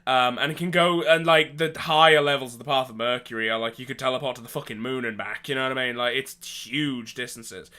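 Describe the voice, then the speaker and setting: A man with a bright, forceful voice tells a loose, rambling story from his tabletop games. He hosts a podcast and keeps it casual, wandering through "um"s, restarts and the odd offhand swear. His delivery is conversational rather than scripted. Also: mid-range voice, fairly even intonation, a little fast, hardly any pauses. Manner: rambling, lots of fillers and restarts. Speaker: podcast host.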